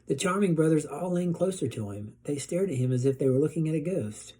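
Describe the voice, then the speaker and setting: Male teacher, storybook read-aloud, dark husky voice, steady. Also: fairly high pitch, brisk.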